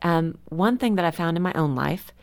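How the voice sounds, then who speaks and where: A woman with a low, gravelly voice, speaking candidly in casual conversation. She tells animated stories as a mother on a parenting chat show. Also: moderate pace.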